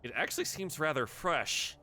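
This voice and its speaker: A man narrating as dungeon master in a lively, playful way. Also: fairly high pitch, normal speed, a little hiss or hum. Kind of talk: narrating a tabletop game.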